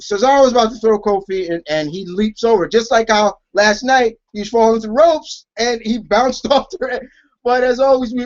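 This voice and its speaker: A man's voice: very high voice, darkish tone, muffled recording. A man co-hosting a casual wrestling talk show, rambling with many restarts. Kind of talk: casual chat.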